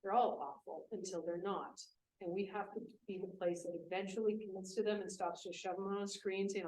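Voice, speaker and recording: A woman speaking at a business event, telling a lively classroom story in a conversational way. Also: mid-range voice, fairly quick. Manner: animated, conversational, voices quoted students. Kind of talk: storytelling talk. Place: event room. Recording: echoey room from a distant mic with faint hiss.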